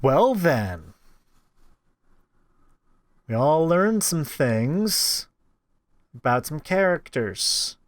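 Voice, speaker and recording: A man reading a visual novel aloud as a streamer, with quick asides of his own. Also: fairly high pitch, dry recording, studio quality. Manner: expressive, quick asides between read text. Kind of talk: reading a game aloud with commentary.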